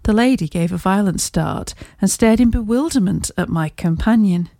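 A woman narrating a classic story as an audiobook reader, in a steady, measured storytelling manner. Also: medium pitch, vocal fry, no room sound. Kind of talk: scripted narration.

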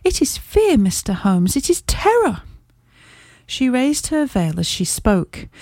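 A woman narrating a classic story as an audiobook reader, in a steady, measured storytelling manner. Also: medium pitch, no echo. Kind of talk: scripted narration.

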